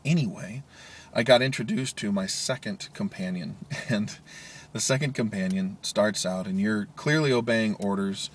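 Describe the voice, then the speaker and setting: A man with a lowish voice talks casually in his daily video blog, rambling with lots of fillers and chuckling often. It's recorded on a handheld media player camera, with a little hiss or hum.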